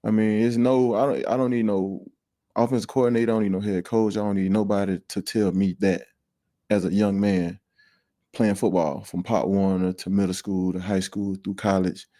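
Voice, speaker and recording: A plain-spoken man, a former player, talks through the game in casual chat. His voice is low and mellow. He is recorded dry and close. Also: level tone, moderate pace, no room sound. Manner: plain-spoken, repeats himself for emphasis.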